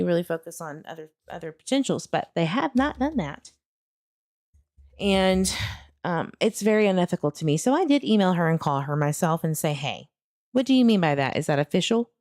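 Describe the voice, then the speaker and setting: Her voice is lowish and somewhat dark as she runs her true crime channel, searching online and venting her frustration casually to viewers, with laughter between comments. It's a clean studio recording without echo.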